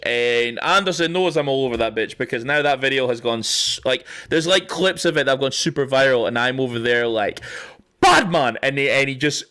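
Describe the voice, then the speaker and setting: A man's voice: medium pitch, a bit bright. A man hosting a casual livestream, rambling and swearing often, laughing as he talks. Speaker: livestream host.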